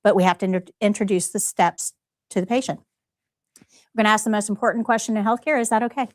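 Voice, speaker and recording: Talking fast in a mid-range voice, a woman teaching a live nursing-assistant test prep class addresses students directly and emphatically, frequently asking them rhetorical questions. The recording is dry.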